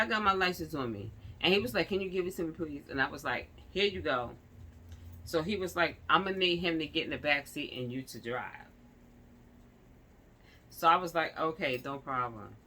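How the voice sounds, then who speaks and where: A woman's voice: lowish voice, lively intonation, moderate pace, sharp tone. A young woman, ranting and telling a story in casual street slang, acting out the people she quotes. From New York. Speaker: vlogger.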